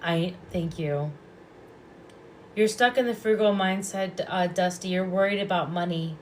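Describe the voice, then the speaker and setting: Calm, lower-voiced woman doing psychic readings. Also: a little slow, slight background noise. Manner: calm, soft-spoken, repeats phrases. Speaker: psychic reader and past life regressionist. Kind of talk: live-stream intuitive readings.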